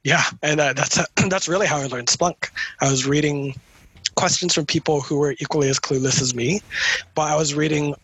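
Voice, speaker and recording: A man's voice: on the high side, fairly even intonation, moderate pace, a bit bright, breathy edge, no echo, poor audio. A man speaking as an interview guest, telling his story casually with lots of fillers and restarts. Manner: rambling, many fillers and restarts. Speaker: interview guest, community manager.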